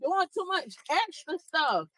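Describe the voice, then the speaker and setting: Woman fighting w cops, defiant, high bright voice, dry sound. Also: sing-song, takes it slowly, no echo, rough recording. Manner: defiant, argumentative. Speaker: driver being arrested. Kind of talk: heated roadside argument.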